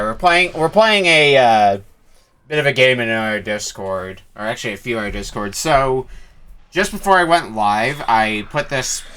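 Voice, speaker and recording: A man's voice: on the low side, sharp tone, smooth. A man streaming a game live, chatting casually and rambling with hesitations. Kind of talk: live gameplay commentary.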